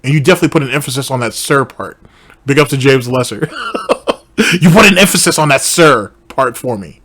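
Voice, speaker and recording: A man's voice: medium pitch, expressive, a little fast, fairly bright tone. A man hosting a reaction commentary show, talking in a blunt, profane and confrontational way. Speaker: commentary channel host.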